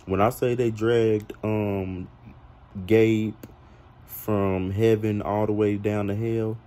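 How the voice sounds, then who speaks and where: Deep, slow-drawling man gossiping. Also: little pitch movement, warm tone. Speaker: player in a fan-made reality game roleplay. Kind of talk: confessional storytelling.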